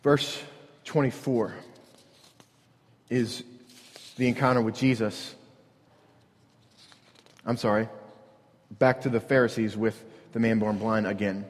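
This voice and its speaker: A man's voice: fairly low pitch, fairly even intonation, takes it slowly, long pauses, in a large hall. A man preaching a sermon as pastor, earnest and repetitive, pressing his point with rhetorical questions.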